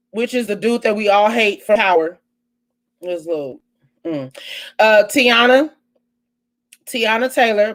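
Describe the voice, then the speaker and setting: A woman hosting her own live online show, chatting casually and animatedly with viewers, full of exclamations and asides. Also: mid-range voice. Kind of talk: casual live-stream chat.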